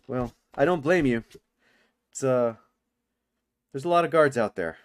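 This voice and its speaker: A man running a tabletop game as game master. His voice sits at a middle pitch, and he narrates loosely, trailing into fillers. He laughs often as he describes what the players see and hear. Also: measured pace.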